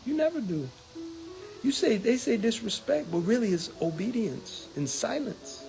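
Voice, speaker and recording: A man's voice: animated, moderate pace, warm tone, soft background music. A man who sits on a union executive board reports back to members. He is hesitant over the numbers and grows indignant about salaries and being silenced. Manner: indignant, gets heated and rises in pitch when angry; hesitant with numbers, many ums and uhs. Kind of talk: casual report to viewers.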